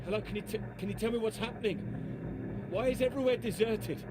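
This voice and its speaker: A man's voice: high-pitched, quick pace, heavy background noise, natural voice. A man voicing an anxious stranded academic.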